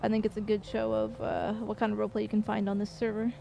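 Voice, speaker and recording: A woman game streamer in casual chat with her viewers, loose and chatty, swearing and pausing with fillers. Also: mid-range voice, little pitch movement, creaky, noisy background.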